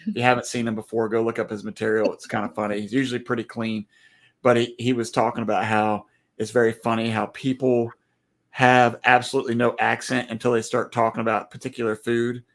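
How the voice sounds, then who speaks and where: A man with a Southern US accent, co-hosting a casual chat over a video call, joking and rambling through asides. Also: medium pitch. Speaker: co-host.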